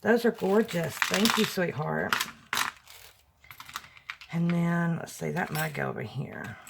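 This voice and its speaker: A woman, a crafting vlogger opening happy mail and gushing softly over each item. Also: fairly low pitch, sing-song, vocal fry, heavy background noise. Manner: gushing, slow and soft-spoken. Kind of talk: casual unboxing chat.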